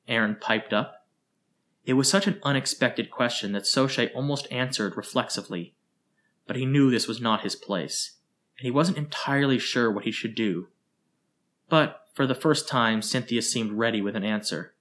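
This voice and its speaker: A man reading a story aloud in steady, expressive scripted narration. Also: medium pitch, normal speed.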